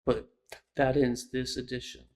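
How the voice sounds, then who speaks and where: A young man hosting a lecture series, giving thoughtful, analytical commentary in a casual spoken style with pauses between phrases. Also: medium pitch, level tone, a little mellow. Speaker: host of a speech lecture series.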